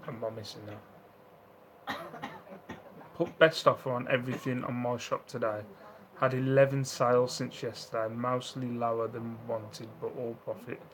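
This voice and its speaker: A man's voice: medium pitch, level tone, normal speed, fairly bright tone, slight background noise, low-quality recording. A man chatting casually on a live stream at home, reading out viewer comments, laughing often and acting out the voices of people in his stories. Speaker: live-stream host reselling second-hand goods.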